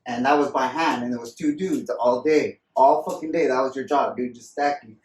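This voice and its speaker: A man's voice: medium pitch, moderate pace, a little mellow, far from the mic. Rambling, cursing man in a roomy room. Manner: profane, rambling storyteller. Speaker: podcast co-host. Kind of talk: casual chat. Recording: roomy sound, voice away from mic, faint ambience.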